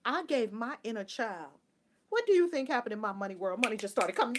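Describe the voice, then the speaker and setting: A woman giving a live spiritual talk who tells animated stories, laughs often and sometimes drops to a soft whisper. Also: a little high, moderate pace, background noise. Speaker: spiritual teacher.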